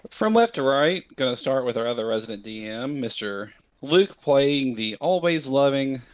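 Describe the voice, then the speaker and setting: A man's voice: mid-range voice, lively intonation, normal speed. A man hosting a livestreamed tabletop game as game master, upbeat as he introduces the players. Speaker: game master and show host.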